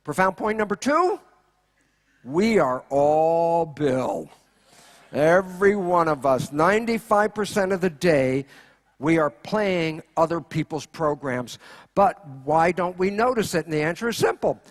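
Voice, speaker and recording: A man giving a keynote lecture, animated, asking rhetorical questions and acting out quoted voices. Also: high-pitched, normal speed. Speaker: conference speaker.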